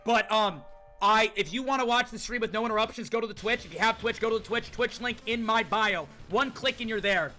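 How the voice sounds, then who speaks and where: A young man streaming a video game live, talking excitedly to his chat and often shouting in disbelief. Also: sits high. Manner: hyped, shouting at chat, rapid exclamations. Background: game music.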